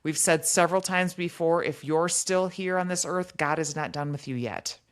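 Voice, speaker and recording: A woman's voice: lowish voice, normal speed, clean tone. A woman co-hosting a faith podcast, leading the conversation in an enthusiastic, chatty way. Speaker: podcast co-host.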